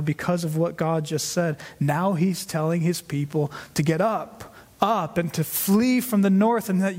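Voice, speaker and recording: Male Bible teacher with a high voice, explanatory, poses and answers his own questions. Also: darkish tone. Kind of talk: scripted Bible study teaching.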